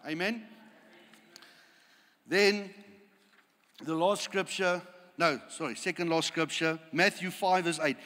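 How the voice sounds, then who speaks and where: A man's voice: fairly high pitch, slow, long pauses, bright, forceful tone, big-room sound. A man preaching a sermon, praying aloud with impassioned, repetitive phrases. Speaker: pastor.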